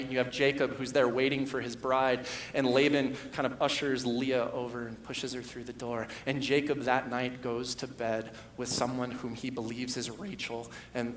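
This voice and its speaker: A man preaching a sermon as pastor, moving from hushed storytelling to loud, impassioned emphasis. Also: medium pitch, echoey room, slight background noise. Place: church sanctuary.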